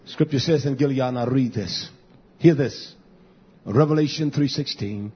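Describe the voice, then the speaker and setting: A man preaching a fiery sermon, blunt and repetitive, swinging between shouts and low mutters, on a muffled lo-fi recording. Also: a little slow, slightly rough.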